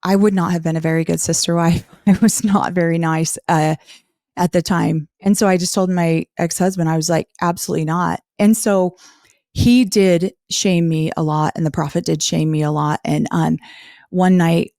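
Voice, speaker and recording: A woman's voice: fairly low pitch, fairly even intonation, moderate pace, a little mellow, no echo, studio quality. A woman guest candidly recounting her own life story in an interview. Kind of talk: personal life story in conversation.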